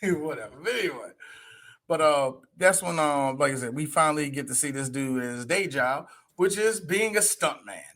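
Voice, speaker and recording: A man co-hosting a podcast, talking in a high, bright, cutting voice. He rants in loose, profane casual chat and often breaks into laughter. The energy stays animated throughout. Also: moderate pace. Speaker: podcast co-host. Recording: audio podcast.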